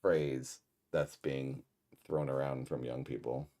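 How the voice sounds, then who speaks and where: A man's voice: extremely low pitch, fairly even intonation, takes it slowly, heavy background noise. A man hosting a livestream, rambling and joking while reading chat messages. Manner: rambling, jokey, reads chat aloud. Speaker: livestream host. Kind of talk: casual livestream chat, reacting to a show.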